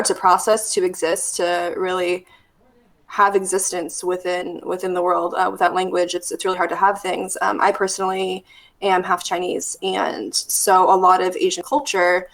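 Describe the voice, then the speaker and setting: A woman's voice: on the low side, creaky, a bit bright. A woman therapist talking through ideas in a casual podcast conversation, thoughtful and full of fillers. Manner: thoughtful, storytelling with many fillers. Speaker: therapist guest.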